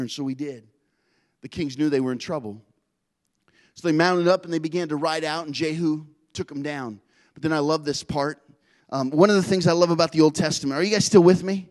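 Intense high-voiced male preacher. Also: a little fast. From not Australian. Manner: intense, driving delivery with loud emphatic rises. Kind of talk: sermon.

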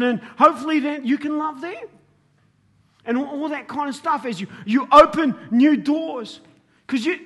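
An Australian man, a middle-aged pastor, preaching a sermon in a rambling storytelling way that rises to emphatic, shouted points. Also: extremely high pitch, slightly rough, big-room sound.

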